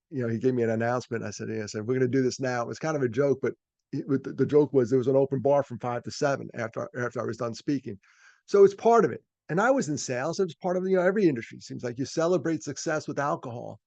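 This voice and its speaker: A man's voice: mid-range voice, a little mellow, no echo. Middle-aged man from New York, folksy self-deprecating storyteller, muffled dry call audio. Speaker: speaker. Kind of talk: storytelling talk. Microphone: video call.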